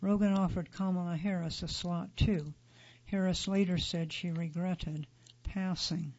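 A man reads a magazine feature aloud in a steady, neutral way. His voice sits high and carries a gravelly edge. The recording is dull and lo-fi. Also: a little slow. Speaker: article narrator. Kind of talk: scripted narration of a magazine feature.

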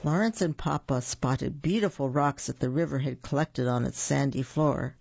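Gravelly picture-book reader. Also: medium pitch, normal speed, a little mellow, muffled recording. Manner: chatty asides to young listeners. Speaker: storyteller. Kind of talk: reading a picture book aloud.

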